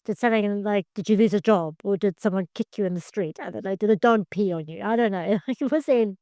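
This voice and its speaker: A woman hosting a casual interview, asking blunt, playful, quick-fire questions. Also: mid-range voice, dark tone, no echo, clean studio sound. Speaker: podcast host.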